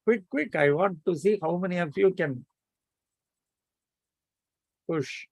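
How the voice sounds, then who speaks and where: A man teaching an online math lecture, prodding students to answer quickly. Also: sits high, gravelly, a little mellow, no room sound. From India.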